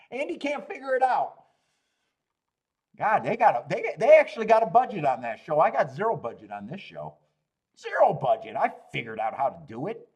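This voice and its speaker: A man hosting a live racing show, ranting in a profane, excitable way and laughing often. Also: sits high, moderate pace, long pauses, highs cut off. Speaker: horse racing show host. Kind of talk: profane live-stream rant.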